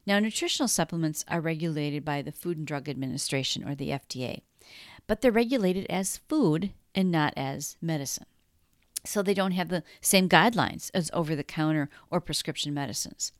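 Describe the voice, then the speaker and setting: A middle-aged woman hosting a wellness podcast, guiding breathing in a calm, soothing, encouraging way. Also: low-pitched, brisk, no room sound, studio quality. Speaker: wellness coach and podcast host. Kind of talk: podcast monologue with guided breathing.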